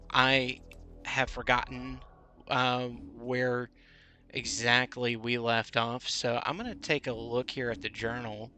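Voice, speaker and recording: A man's voice: mid-range voice, level tone, slow, sharp tone. A man streaming a video game, chatting casually with viewers with many fillers and restarts, over faint game music. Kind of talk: casual gameplay commentary.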